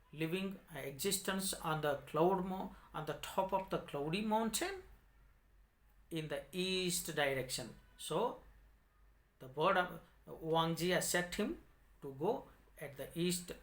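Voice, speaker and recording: A male English teacher goes through a story lesson. He repeats each line and explains difficult words in simple terms. His voice is bright and somewhat high. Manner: repetitive, explains word meanings in simple words.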